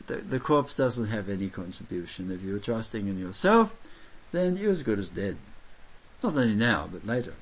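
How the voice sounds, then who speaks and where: Man preaching with emphatic delivery, voice rising and falling in a lively way, loud exclamations set against soft asides. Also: lowish voice, normal speed, husky. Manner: reads scripture aloud and expounds it. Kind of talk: sermon.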